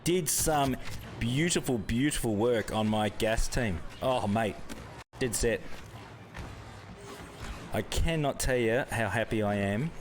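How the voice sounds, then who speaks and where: A man's voice: mid-range voice, slow pace, pauses often, slight background noise. A young Australian man hosting a live gaming stream, chatting casually with viewers, greeting them by name and laughing often.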